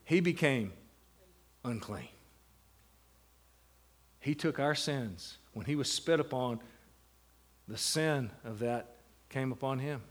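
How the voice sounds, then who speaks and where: Animated man lecturing a class. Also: mid-range voice, takes it slowly, long pauses. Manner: animated, asks the class questions and answers them. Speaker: seminary lecturer. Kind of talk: classroom lecture on Bible meditation.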